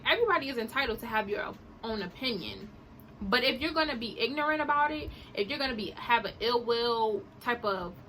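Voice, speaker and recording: A woman's voice: a little high, sharp tone, a little hiss or hum, poor audio. A young woman vlogger giving an impassioned, indignant opinion monologue to her camera. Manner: emphatic, indignant, rhetorical.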